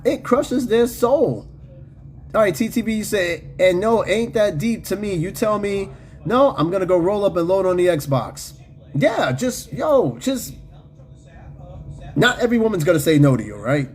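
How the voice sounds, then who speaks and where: High-voiced slangy man hosting a podcast. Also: a little mellow. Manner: loose, slangy and profane, with frequent fillers and laughs. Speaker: podcast host. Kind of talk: casual chat with live chat readers.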